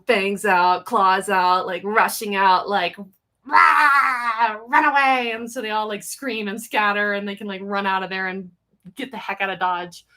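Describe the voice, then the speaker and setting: A woman's voice: mid-range voice, fairly bright tone. Rambling, giggly woman hosting a live Q&A. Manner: rambling and chatty, with many fillers and restarts; self-mocking and giggly. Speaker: livestream host answering viewer questions. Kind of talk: casual live Q&A chat.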